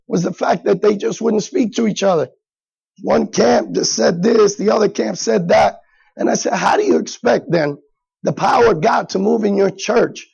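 Gravelly high-voiced male preacher. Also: darkish tone, highs cut off. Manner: conversational preaching with acted asides. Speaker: pastor. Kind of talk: sermon.

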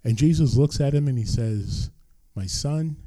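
A man's voice: mid-range voice, moderate pace, mellow, no echo. An older man preaching a sermon as pastor, earnest and emphatic, repeating his key phrases.

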